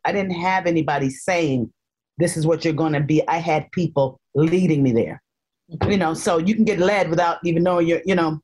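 A woman from North Carolina, a guest telling lively stories in a casual interview and quoting people in voices. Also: low voice. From North Carolina, USA. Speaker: guest actress.

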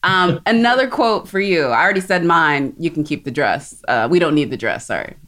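A woman from South Texas co-hosting a casual podcast chat, talkative and quick to laugh. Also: deep voice, expressive, fairly bright tone. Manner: chatty, laughs often, quick asides. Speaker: podcast co-host.

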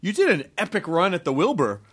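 A man's voice: high voice, sing-song, a bit bright, breathy edge, dry recording. Upbeat male podcast host, dry sound. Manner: upbeat, quick banter with laughs. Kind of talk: casual podcast chat.

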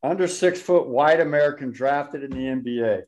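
A man's voice: medium pitch, normal speed, darkish tone. Middle aged podcast host guy, rambly, lots of ums, mid voice. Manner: rambling, hesitant questions with many fillers. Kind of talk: casual podcast interview.

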